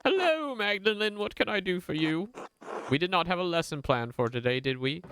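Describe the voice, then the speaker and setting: A man's voice: high-pitched, animated, brisk, fairly bright tone, clear, resonant tone, dry recording, pitched above the performer's own voice. A man voicing a polite, busy middle-aged male scholar in a video game, speaking formally. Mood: polite, hurried. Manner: courteous, formal, fussy.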